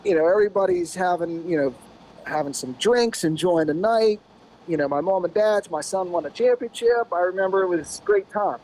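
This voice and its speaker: American guy in his 50s, kinda high voice, rambling race story, lots of you knows, bit of faint noise behind. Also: moderate pace, poor audio. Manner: animated, rambling anecdote with many "you know"s. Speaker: podcast guest, former off-road racer. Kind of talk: casual storytelling.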